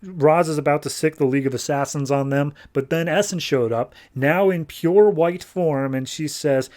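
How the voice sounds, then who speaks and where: A man with a voice on the higher side hosts a comics podcast. He recaps the story casually, jokes as he goes, and slips into quick paraphrases of the characters. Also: darkish tone. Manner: loose, joking, quotes characters casually. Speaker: podcast host.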